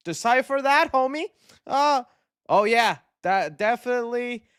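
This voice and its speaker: A man's voice: very high-pitched, animated, a little slow, a bit bright, clear, resonant tone, no echo, clean studio sound. A man hosting a movie news livestream, chatting with viewers in upbeat, slangy, jokey banter. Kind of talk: casual live-stream chat.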